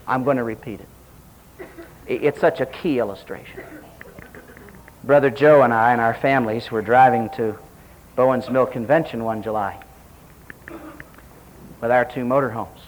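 A man preaching a sermon, telling a story in an animated way and acting out the voices he quotes. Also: low-quality recording. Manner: animated, acts out quoted voices with sharp pitch jumps.

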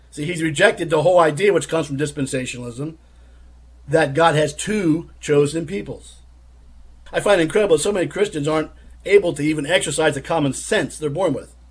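A man delivers critical religious commentary in a husky, fairly high voice. He argues insistently and presses his point with rhetorical questions. The delivery is combative and direct.

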